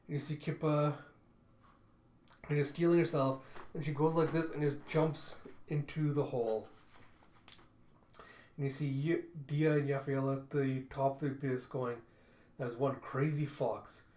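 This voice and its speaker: A man's voice: fairly high pitch, fairly even intonation, moderate pace, long pauses, dark tone. A man narrating a comic book read-through in a casual, chatty way. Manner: casual, chatty, repeats "and you see". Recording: roomy echo.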